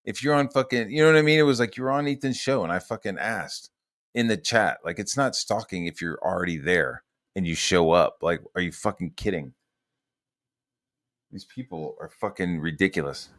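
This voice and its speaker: A low-pitched man vents through a long, profane story, stacking fillers and restarts as he goes. His voice sits dry and close, with no room sound around it. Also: moderate pace, fairly bright tone, dry recording. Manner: profane, rambling, heated, full of fillers. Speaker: podcast host. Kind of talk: casual storytelling rant.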